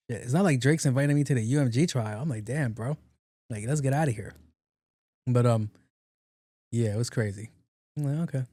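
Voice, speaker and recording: A man's voice: medium pitch, fairly quick, long pauses, dark tone, no echo, studio quality. A man hosting a solo podcast, telling stories casually in slangy talk full of swearing and acted-out quotes. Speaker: podcast host.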